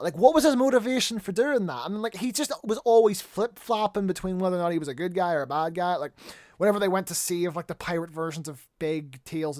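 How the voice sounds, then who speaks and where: A man's voice: high voice, no echo, clean studio sound. A man giving a casual, rambling review commentary, full of fillers and casual swearing. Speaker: video reviewer.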